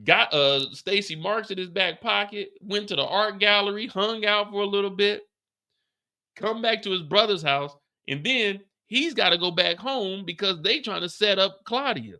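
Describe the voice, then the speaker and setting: A man casually recapping a TV episode, animated and profane, acting out the characters' lines as he goes. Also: sits high, normal speed. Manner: animated, profane storytelling with acted-out quotes. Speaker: show recap host.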